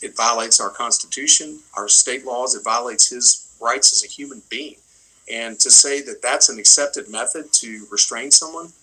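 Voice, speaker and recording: A man's voice: medium pitch, sharp tone, breathy edge, poor audio. A middle-aged male attorney speaking emphatically in a livestream interview, often repeating words as he builds his points. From United States.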